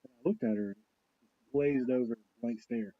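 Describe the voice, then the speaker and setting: A man's voice: mid-range voice, normal speed. A man co-hosting a casual podcast, telling stories with lots of laughs and swearing. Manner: storytelling, laughs often, acts out quotes. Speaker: podcast co-host. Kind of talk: casual profane chat. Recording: dull lo-fi audio.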